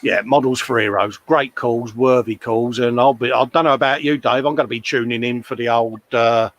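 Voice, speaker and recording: A man's voice: mid-range voice, steady tone, moderate pace. A British man co-hosting a casual live stream from his hobby workshop bench, bantering and reading out viewer comments. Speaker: co-host of a live modelling stream.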